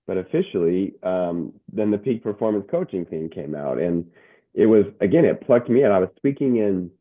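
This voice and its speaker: A middle-aged man, a motivational speaker and coach, telling his story as an interview guest, animated and restarting his words often. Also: low voice. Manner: animated, stumbling restarts and word repeats. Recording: tinny phone-like line.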